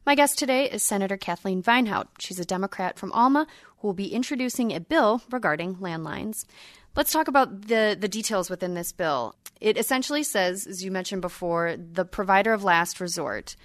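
A woman hosts a public radio interview, asking her questions in a measured, inquisitive way. Her voice is mid-pitched and sounds close and dry. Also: expressive, no room sound. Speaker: radio host.

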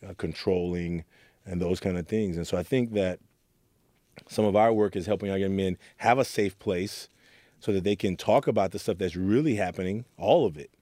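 A deep, warm voice at normal speed belongs to an Oakland, California man who runs a youth program. In a reflective interview he earnestly shares stories from his past and acts out quotes, recorded without room sound.

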